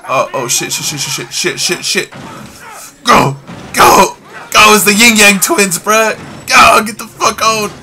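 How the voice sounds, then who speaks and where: A man doing let's play commentary on a horror game, swearing constantly in slang and yelling when he panics. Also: sits high, measured pace. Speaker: gamer playing a horror game.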